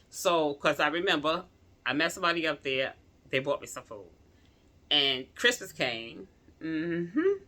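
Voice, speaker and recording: A woman casually telling her viewers a personal story in slangy speech, swinging from loud outrage to quiet pleading. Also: low voice. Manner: slangy, addresses viewers as y'all.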